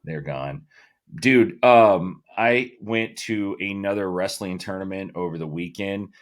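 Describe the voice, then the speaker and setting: A man's voice: low-pitched, measured pace. A middle-aged man co-hosting a podcast in loose, profane casual chat, full of fillers. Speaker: podcast co-host.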